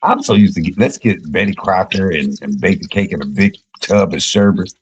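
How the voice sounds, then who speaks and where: A middle-aged man, a comedian, telling profane, joking stories on a casual livestream and jumping high in pitch when he quotes people. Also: lively intonation, moderate pace, muffled recording, a little hiss or hum. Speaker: comedian and YouTube cook.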